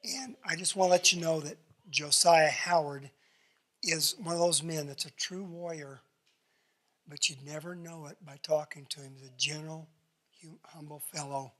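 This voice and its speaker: A man's voice: on the high side, normal speed, pushed and bright. A man introducing a guest preacher in a church, welcoming the guest.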